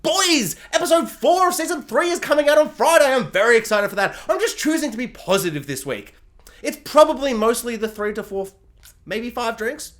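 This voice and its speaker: A man's voice: very high-pitched, animated, moderate pace, a bit bright. A man ranting sarcastically in a casual, rambling review. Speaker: video reviewer.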